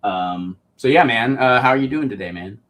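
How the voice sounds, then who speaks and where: A man's voice: medium pitch, expressive, moderate pace, fairly bright tone. A man hosting a casual livestream show, chatting easily and reading out viewer comments with frequent ums. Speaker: podcast host.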